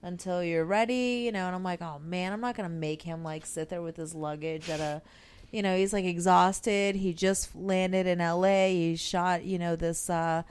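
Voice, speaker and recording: A woman's voice: fairly low pitch, steady tone, normal speed, a little mellow, smooth. A woman co-hosting a podcast, talking casually with crude jokes and rambling stories. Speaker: podcast co-host. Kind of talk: casual chat.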